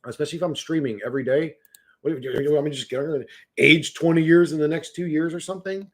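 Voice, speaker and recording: A man's voice: fairly high pitch, steady tone, quick pace, a bit bright. A man chatting casually on a livestream, rambling and swearing, often restarting his words.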